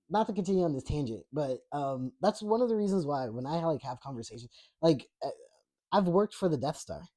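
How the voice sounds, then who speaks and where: A podcast host with a fairly high but dark-toned voice delivers a casual political rant while reading live chat. He is blunt and profane, rambling with many fillers and restarts and laughing often at the comments.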